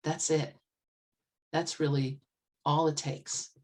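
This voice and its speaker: Low-voiced woman coach telling a story. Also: little pitch movement, takes it slowly, a little mellow. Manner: earnest, conversational, with vivid retellings. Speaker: motivational speaker and life coach. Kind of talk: storytelling talk at an online meetup. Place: old farmhouse, indoors.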